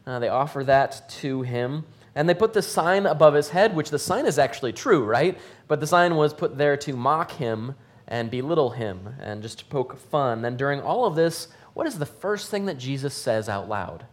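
A man's voice: medium pitch, lively intonation, moderate pace. A man giving conversational Bible teaching, asking his listeners questions and thinking aloud with fillers.

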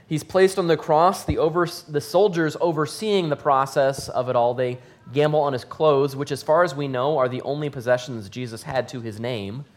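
A man giving conversational Bible teaching, asking his listeners questions and thinking aloud with fillers. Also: medium pitch.

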